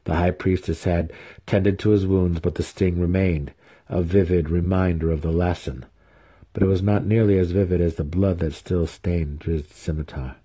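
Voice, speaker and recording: A man reads a fantasy novel aloud at a steady, unhurried pace. His voice is very low and mellow, with a husky grain. It sounds like a storybook reading. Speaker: audiobook reader.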